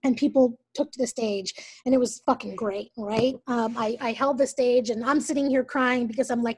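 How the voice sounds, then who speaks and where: High-voiced animated woman in her forties. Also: moderate pace, few pauses, husky, dry recording. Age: 40s. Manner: emphatic, swears freely, animated. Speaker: guest, event leader. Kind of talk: personal storytelling in conversation.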